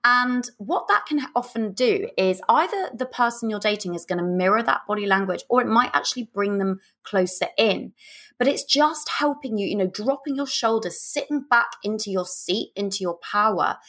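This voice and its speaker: A young woman hosts a podcast as a dating coach, dishing out chatty, animated advice. Now and then she drops into a lower, slower voice to demonstrate a point.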